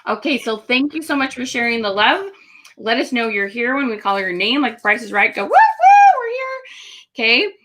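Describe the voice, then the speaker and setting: A woman's voice: on the high side, a little fast, pushed and bright. A woman hosting a live webinar, chatty and upbeat with lots of fillers. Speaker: host.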